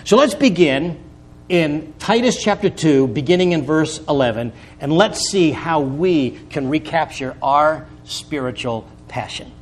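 A man with a high voice preaches a sermon in an earnest, storytelling way. He builds to emphatic peaks on key words and drops in folksy asides between them. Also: lively intonation, a little slow.

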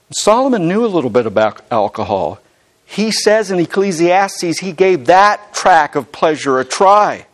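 A middle-aged man preaching a sermon as pastor, emphatic and animated, often acting out the people he quotes. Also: medium pitch.

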